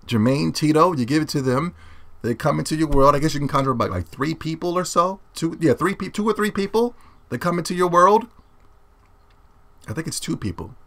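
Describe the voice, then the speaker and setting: A young man ranting about video games as a YouTuber, brash, boastful and profane, swinging between loud yelling and low muttering. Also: fairly quick. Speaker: gaming YouTuber.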